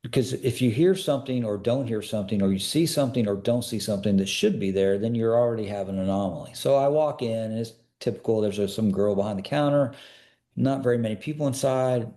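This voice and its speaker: A man speaks fast in a fairly low, mellow voice as a podcast guest, a personal security expert telling stories in a casual interview. He's earnest and emphatic, and keeps pressing listeners with repeated questions.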